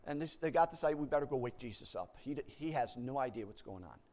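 A man preaching a sermon, animated, often restarting words and acting out panicked voices as he tells a story. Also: medium pitch, fast.

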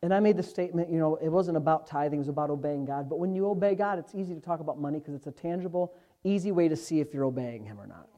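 A man preaching a sermon as pastor, impassioned, moving from quiet asides to loud exhortation. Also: on the high side, racing.

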